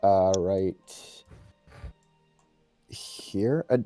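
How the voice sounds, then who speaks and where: A man's voice: low voice, extremely slow, mellow, faint music behind. A man playing a tabletop game over voice chat, speaking unhurriedly and hesitantly with many ums as he plans his turn. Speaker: player.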